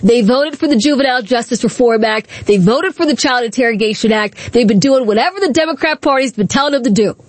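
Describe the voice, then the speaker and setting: A woman hosts a talk radio show, delivering combative, indignant commentary full of rhetorical questions. Her voice sits fairly high and sounds dry and close to the mic. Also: fast talker, few pauses, no room sound.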